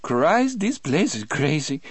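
A man voicing a nervous, prissy little Cajun prisoner who talks in a shrill, trembling voice. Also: very animated, slow, husky, no echo, exaggerated voice.

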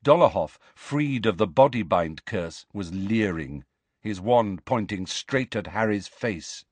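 A man narrating an audiobook in a measured, dramatic way. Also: sits low, animated, no room sound. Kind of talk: scripted narration.

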